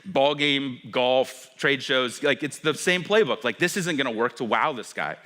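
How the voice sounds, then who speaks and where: A man giving a storytelling keynote on a conference stage, animated and acting out the dialogue of the people in his story. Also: mid-range voice, normal speed. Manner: animated, acts out dialogue with quoted voices. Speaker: keynote speaker.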